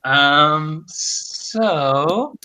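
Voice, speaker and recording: A man running a tabletop game online as game master, narrating haltingly with many pauses and restarts. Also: on the high side, expressive, sharp tone. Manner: halting, full of ums and restarts.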